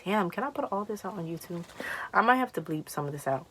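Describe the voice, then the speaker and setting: A young woman vlogger telling a story in a casual, chatty way, animated and swearing freely, while she takes down her braids at home. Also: fairly low pitch, fast talker, slight background noise.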